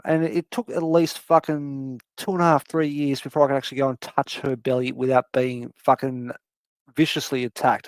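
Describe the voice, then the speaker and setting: A man telling a long, animated story in casual chat, swearing freely and acting out his cat's voice. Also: mid-range voice, a little fast, no room sound.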